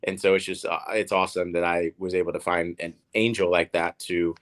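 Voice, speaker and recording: A man in his thirties with a deep, low voice, guesting in a relaxed interview. He is from Oklahoma and tells his stories in a rambling way, full of fillers and restarted words. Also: brisk. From Oklahoma, USA. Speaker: guest, professional tennis player. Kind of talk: casual storytelling interview.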